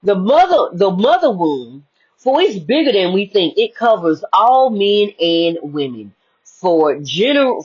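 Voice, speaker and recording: A woman with a husky, breathy voice delivers a spiritual motivational monologue as a life coach. Her pitch swings widely while she presses her points and circles back to repeat them. The recording sounds dull and lo-fi. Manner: emphatic, preachy, repeats key phrases.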